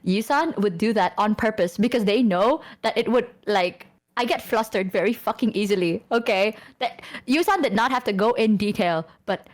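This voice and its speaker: A woman streamer in casual chat, animated and swearing often, with sudden high-pitched outbursts. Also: moderate pace, hardly any pauses.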